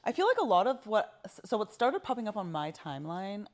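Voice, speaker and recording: A woman co-hosting a podcast in casual chat, rambling and relaxed with many fillers. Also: medium pitch, brisk. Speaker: podcast co-host.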